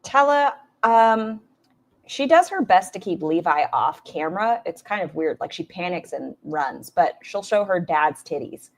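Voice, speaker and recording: A woman's voice: fairly low pitch, expressive, unhurried. A woman streamer giving casual reaction commentary, blunt and mocking, with frequent swearing. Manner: blunt, profane, mocking asides.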